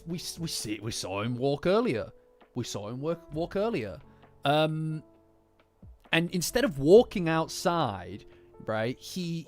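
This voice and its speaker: A young British man rants casually about a manga chapter, replying to his live chat and throwing in quick character impressions. His pitch sits a little high and swings a lot. Soft lofi music plays faintly behind him. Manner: animated, swearing, acting out characters in quick asides. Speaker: manga reaction streamer.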